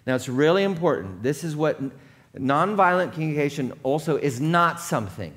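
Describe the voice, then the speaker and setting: A man's voice: a little high, lively intonation, brisk, fairly bright tone. A man preaching a sermon as pastor, conversational and often checking in with his congregation.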